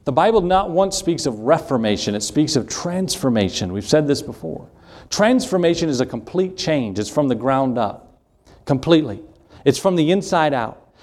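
A man's voice: a little high, expressive, moderate pace, darkish tone. A middle-aged man, the pastor, preaching an earnest evening sermon that repeats key lines and quotes Scripture, with homely asides.

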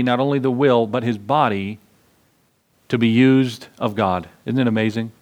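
A man preaching a sermon in a church, passionate and full of questions to the congregation. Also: medium pitch. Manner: impassioned, rhetorical questions to the congregation. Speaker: pastor.

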